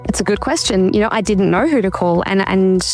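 A woman's voice: mid-range voice, a little fast, a little mellow, soft background music. A woman guest in an interview, telling her own story in an earnest, searching way with frequent restarts. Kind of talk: personal account in an interview.

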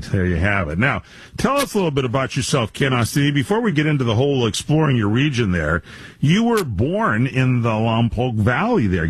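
A man's voice: medium pitch, a little hiss or hum. A man hosting a national radio talk show, enthusiastic and rambling, with many fillers. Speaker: radio host.

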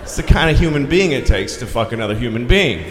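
A man doing crude stand-up comedy, telling a story and shouting his punchlines. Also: mid-range voice, expressive, fast, roomy sound, music in the background.

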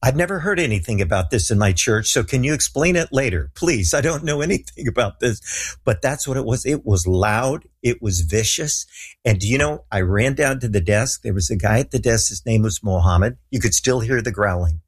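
A man's voice: medium pitch, animated, normal speed, husky. A middle-aged man telling a story in a casual interview, acting out the voices of the people he quotes.

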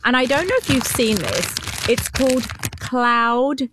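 A woman with a British accent co-hosting a talk show, chatty and animated, laughing often. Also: on the high side, a little slow, background noise. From Britain. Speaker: co-host. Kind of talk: casual chat.

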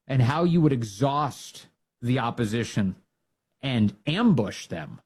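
Fired-up husky male host. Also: mid-range voice, animated, takes it slowly, a little mellow. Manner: emphatic, rises to fired-up exhortation. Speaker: political talk show host. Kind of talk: opinionated commentary.

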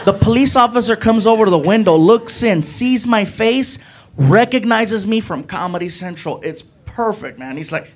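A man doing stand-up comedy, telling a story and acting out the people in it with shouted, animated voices. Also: high-pitched, normal speed, heavy background noise.

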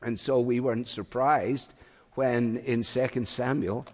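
A man preaching an expository sermon in a measured, explanatory way, with occasional fillers. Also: medium pitch, fairly even intonation, darkish tone, long reverb tail. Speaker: pastor.

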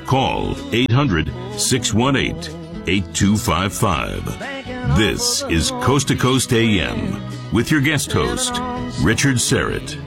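A man announcing a radio show's phone lines in a measured, scripted read. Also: on the low side, huge pitch swings, creaky. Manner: measured, deliberate reading. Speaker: show announcer. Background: music bed.

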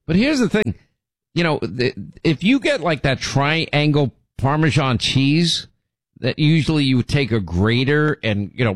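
A man's voice: a little high, no room sound. A middle-aged man hosting a show, telling rambling stories and teasing his co-host in casual banter. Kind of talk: casual on-air storytelling.

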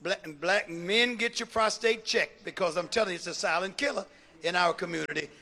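High, bright-voiced shouting preacher man. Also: fairly quick, creaky. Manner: shouting, rhythmic repetition, call-and-response. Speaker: bishop preaching. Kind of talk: fiery sermon.

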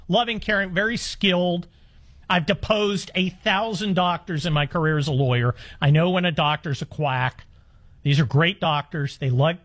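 A man's voice: high voice, fairly bright tone. A man in his fifties hosting a call-in talk radio show, ranting in an exasperated way with stammered restarts. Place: studio in the Los Angeles area.

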